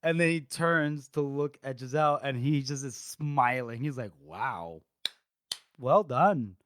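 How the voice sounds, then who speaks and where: A podcast co-host animatedly retells a scene from a book, mixing in laughter and casual chat. His mid-range voice is clear, resonant and fairly bright, with fairly even intonation at normal speed, recorded in a clean studio without echo.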